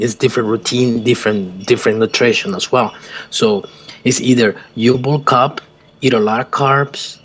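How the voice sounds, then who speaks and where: A man on a podcast group call, explaining earnestly with halting restarts. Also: mid-range voice, fairly even intonation, a bit bright, slight background noise. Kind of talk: casual group-call chat.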